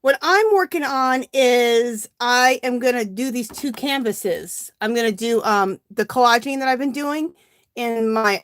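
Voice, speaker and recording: A middle-aged woman chats casually while crafting on a home livestream, greeting viewers by name and sounding slightly out of breath. Her voice sits on the high side, a bit bright, with a clear, resonant tone.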